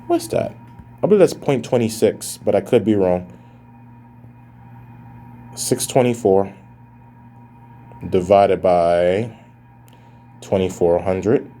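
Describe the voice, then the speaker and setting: A man's voice: sits low, takes it slowly, long pauses, mellow, faint music behind. A man teaching a math lesson as a professor in a recorded lecture, casual and plain-spoken, addressing students as guys and thinking aloud as he works through calculations.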